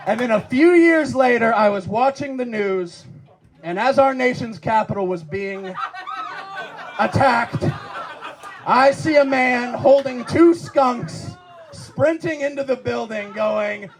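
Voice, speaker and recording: A man doing stand-up, telling a profane, animated story. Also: extremely high pitch, unhurried. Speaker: stand-up comedian.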